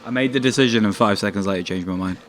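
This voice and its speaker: Deadpan man with short blunt replies. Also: on the low side, rapid-fire. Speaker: podcast co-host. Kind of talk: casual banter among friends.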